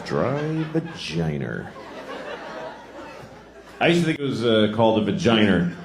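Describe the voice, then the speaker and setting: Profane ranting comedian. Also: male voice, fairly low pitch, animated, fast talker, crowd noise, background noise. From Boston. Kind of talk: stand-up comedy. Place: comedy club stage. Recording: roomy club with audience laughter.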